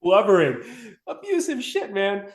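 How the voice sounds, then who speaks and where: A man from Long Island telling school stories in casual chat, animated, swearing freely and laughing as he goes. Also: sits high, a little slow. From Long Island, New York. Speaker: podcast guest. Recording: roomy echoey room.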